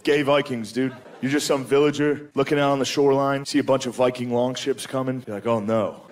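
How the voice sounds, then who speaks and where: In a live comedy club recording, with crowd noise and audience laughter, a man does a crude stand-up set in a steady tone and at a fairly quick pace. His delivery is loose, he says "dude" constantly, and he jumps into sudden high-pitched quoted voices.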